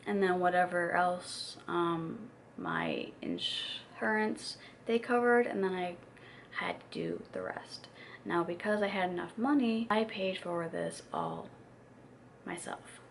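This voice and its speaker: Candid young woman with a gravelly edge. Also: lowish voice, very animated, slow pace, slight background noise. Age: 20s. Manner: candid, chatty, many fillers. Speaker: vlogger. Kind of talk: casual confessional chat to camera.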